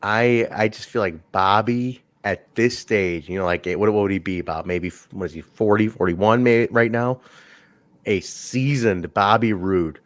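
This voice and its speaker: A man co-hosting a casual wrestling review chat, telling stories in a rambling, animated way. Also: fairly low pitch, no echo. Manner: rambling, animated storytelling with laughs. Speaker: podcast co-host reviewing wrestling.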